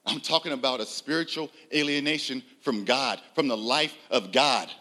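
A man preaching a sermon, emphatic, swinging from loud, raised lines to low, quiet ones and asking the audience rhetorical questions. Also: moderate pace. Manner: emphatic, rising loud on key lines, drops low and soft.

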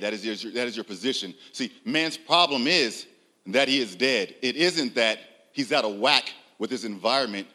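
A man preaching a sermon, emphatic, swinging from loud, raised lines to low, quiet ones and asking the audience rhetorical questions. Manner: emphatic, rising loud on key lines, drops low and soft.

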